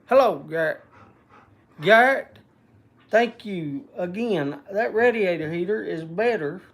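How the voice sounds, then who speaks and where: A man's voice: high voice, creaky. A man hosting a casual livestream from a log cabin, chatting and greeting viewers by name. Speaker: livestream host.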